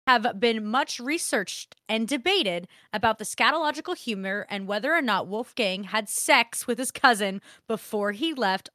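A woman co-hosting a casual podcast, reading history aloud with animated, profane, laughing banter. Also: medium pitch, dry recording, clean studio sound. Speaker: podcast co-host.

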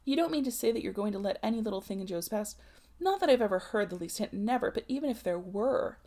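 A proper young married woman from an old novel, fussy and coaxing, her voice climbing in alarm. There is a slight gravelly fry in her tone, as a woman reader acts her out. She sounds read aloud from a storybook. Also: mid-range voice, lively intonation, fast, dark tone. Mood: shocked.

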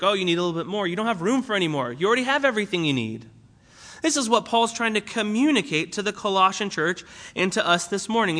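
A man's voice: high-pitched, bright, forceful tone. A young man preaching a sermon in a conversational way, with fillers and restarts as he explains a Bible passage. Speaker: pastor.

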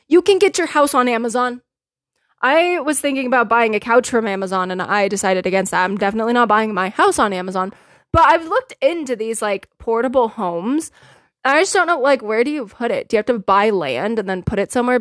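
A woman's voice: on the high side, dry recording, studio quality. A woman hosting her own podcast in casual solo chat, blunt and opinionated, laughing often and swearing freely. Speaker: podcast host.

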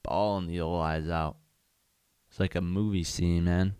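A man's voice: deep voice, steady tone, measured pace, a little mellow, clear, resonant tone, dry recording. A young man hosting a podcast, chatting casually and candidly on his own, rambling with lots of fillers. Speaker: podcast host. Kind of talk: casual solo chat.

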